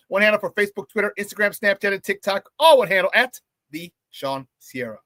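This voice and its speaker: A man's voice: high voice, brisk, fairly bright tone, no echo. A man hosting a morning sports talk show, chatting casually and playfully, hyping up viewers and reading their comments with laughs.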